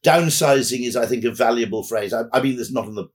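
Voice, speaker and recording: A man's voice: mid-range voice, fast talker, breathy edge. A man as a podcast guest, talking in a rambling, anecdotal way with dry asides. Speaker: guest, advertising executive. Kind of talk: conversational podcast interview.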